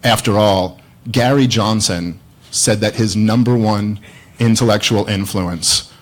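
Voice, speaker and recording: In a rough recording, a man with a lowish voice speaks a little slowly as he does stand-up before a debate. He rambles and pokes fun at himself while telling a story, and the live crowd laughs.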